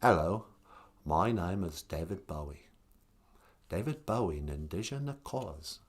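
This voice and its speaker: A man doing an impression of a famous English male rock star in a put-on English accent, very quiet and passive. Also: deep voice, animated, unhurried, slightly rough, pitched below the performer's own voice, heavily acted. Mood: hushed cool.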